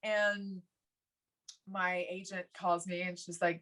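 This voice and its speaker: Animated woman telling stories, laughing. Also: on the low side, unhurried. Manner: animated, laughs often, acts out quoted voices. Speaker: podcast guest. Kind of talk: casual interview storytelling.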